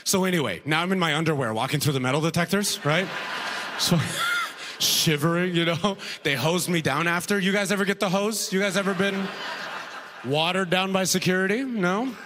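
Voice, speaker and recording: This Canadian comic works a club crowd with a brisk, conversational punchiness, often cracking himself up. His voice sits on the high side. A long hall reverb and faint background noise colour the recording.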